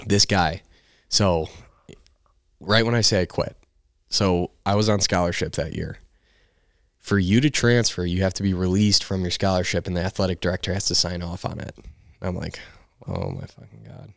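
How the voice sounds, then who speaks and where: A young man in his twenties, a podcast guest, telling a story in casual chat, animated, swearing freely and laughing along. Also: low voice, normal speed, no room sound, clean studio sound.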